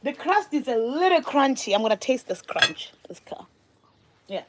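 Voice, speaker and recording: A woman filming a family vlog at home, talking to her young sons and her followers in a lively, encouraging way. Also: high voice, normal speed, background noise. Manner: animated, coaxing and praising her young sons. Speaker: vlogger and mother. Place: home, at a breakfast table.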